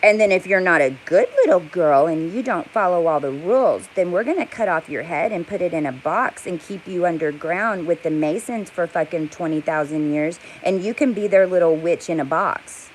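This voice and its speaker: A woman's voice: medium pitch, expressive, normal speed, few pauses, slight background noise, rough recording. A woman delivering an angry, profane, rambling rant to camera. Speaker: vlogger. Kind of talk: heated monologue to camera.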